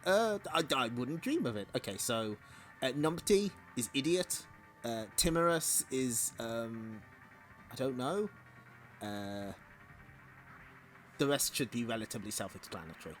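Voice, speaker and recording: Male streamer reading comics, giggly chatty asides, lively pitch. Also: unhurried, pauses often, soft background music. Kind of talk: comic read-along.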